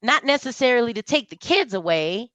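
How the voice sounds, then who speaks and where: A woman as a podcast guest, speaking in casual conversation, animated and storytelling, mimicking the voices of people she talks about. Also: a little high, fairly quick, dry recording, low-quality recording.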